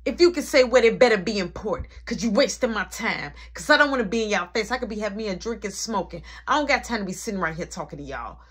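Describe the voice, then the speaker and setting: A woman playing her strict, short-tempered mother in a retold story, scolding in rapid, clipped threats. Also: medium pitch, animated, a bit bright, slightly rough. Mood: irritated.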